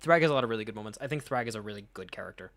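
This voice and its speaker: A man's voice: lowish voice, expressive, very fast, fairly bright tone. A man casually reading through a comic and reacting, rambling, swearing freely and laughing often. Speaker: comic reader, channel host.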